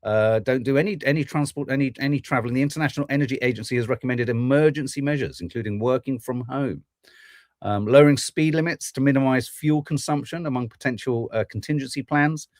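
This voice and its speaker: A man's voice: mid-range voice, fast talker, darkish tone, no room sound, clean studio sound. A man hosting a podcast, ranting through political commentary with plenty of swearing. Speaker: podcast host.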